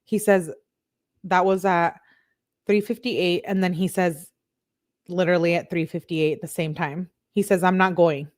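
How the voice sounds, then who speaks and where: A woman's voice: on the low side, steady tone, unhurried, a little mellow. A woman hosting a casual live stream, reading text messages aloud and reacting as she goes, with frequent "like" fillers.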